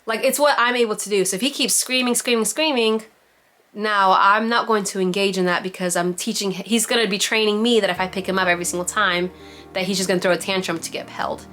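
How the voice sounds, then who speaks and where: A woman's voice: medium pitch, fairly even intonation, fast, a bit bright, faint music behind. A young woman giving parenting advice to other mothers on a video call, chatty, full of "like" and "you know". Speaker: mom giving parenting advice to a support group. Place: home, on a virtual meeting. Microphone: computer mic on a video call.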